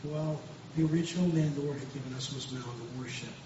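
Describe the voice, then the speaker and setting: A man's voice: medium pitch, fast. A man speaking as a pastor, giving an earnest, emphatic personal testimony, often repeating himself and restarting. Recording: very echoey distant room, dull and noisy.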